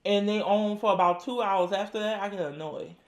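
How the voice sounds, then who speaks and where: A man's voice: sits high, a little fast. A man with a New Orleans accent, chiming in with laid-back casual remarks. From New Orleans, Louisiana. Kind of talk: casual chat while eating. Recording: roomy echo.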